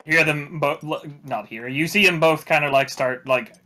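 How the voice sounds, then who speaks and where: A man running a tabletop game as game master, narrating in a halting way with many restarts. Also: fairly high pitch, pushed and bright. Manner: halting, full of fillers and restarts.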